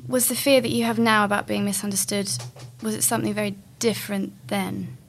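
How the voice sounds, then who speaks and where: A woman interviewing a guest, asking gentle, probing questions to clarify what he means. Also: medium pitch, flat delivery, fairly quick, creaky, slight background noise.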